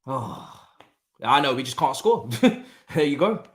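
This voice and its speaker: A young man hosting a casual live football watchalong, talking in an animated, repetitive way with lots of slang and laughter. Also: medium pitch, a little slow. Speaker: watchalong host. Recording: roomy echo.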